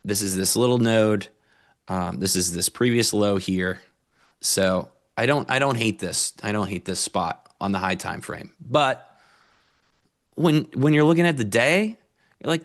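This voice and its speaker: A man's voice: fairly low pitch, unhurried. A man co-hosting a live trading show, talking through chart levels in a laid-back way and laughing easily. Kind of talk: casual trading chat.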